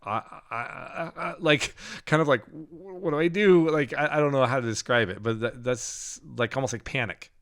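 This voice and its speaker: A middle-aged man on a podcast, telling a personal story in casual talk, with frequent laughs and halting restarts. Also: mid-range voice, fairly bright tone. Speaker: podcast co-host.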